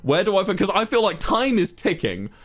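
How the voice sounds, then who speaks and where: A young man streaming and telling his chat a long story in an exasperated, swearing, animated rant. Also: high-pitched, moderate pace. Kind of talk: casual storytelling to a live chat.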